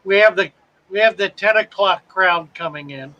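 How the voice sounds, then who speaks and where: A man's voice: high voice, normal speed, bright, forceful tone, lo-fi sound. A man from South Carolina, hosting a live fish-keeping stream and chatting as he reads out viewer comments. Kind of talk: casual live-stream chat reading comments.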